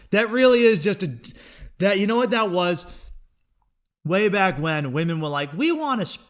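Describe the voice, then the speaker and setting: A man hosting a comedy podcast, riffing through a profane monologue and laughing at his own jokes. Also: a little high.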